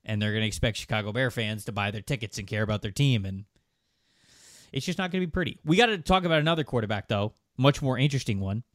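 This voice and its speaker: A man's voice: mid-range voice, fast talker, fairly bright tone, dry recording, clean studio sound. A man co-hosting a casual sports podcast, making emphatic points and firing rhetorical questions. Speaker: podcast co-host.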